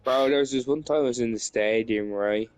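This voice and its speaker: A man's voice: medium pitch, a little fast, dry recording, poor audio. A man telling pun stories in casual chat with friends, checking in with "right?". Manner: setting up puns with frequent "right?".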